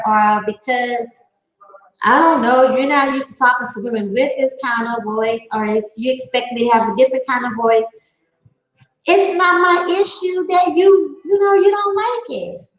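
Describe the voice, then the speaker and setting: A woman with a Southern twang and a high voice, speaking in a casual vlog. She talks in a defiant, emphatic way, drawing out her words slowly. Her voice rings in an echoey room. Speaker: channel host.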